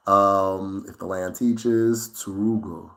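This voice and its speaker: Man, somewhat low pitch, casual livestream host, conversational, keeps asking "right?". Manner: conversational, often tags lines with "right?"; relaxed and unhurried, with fillers and restarts while thinking. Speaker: host answering viewer questions.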